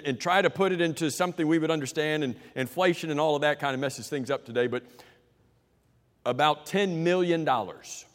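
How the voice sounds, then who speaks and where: Male preacher with a hall echo. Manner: asks the congregation rhetorical questions; swings from loud emphasis to quiet low delivery. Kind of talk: sermon. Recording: long hall reverb.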